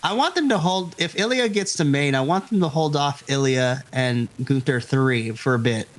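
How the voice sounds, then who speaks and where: A man's voice: medium pitch, normal speed. A man co-hosting a podcast, joking in casual chat with frequent laughs and blunt remarks. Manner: playful, laughs often, blunt. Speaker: podcast co-host. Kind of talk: casual chat reacting to wrestling.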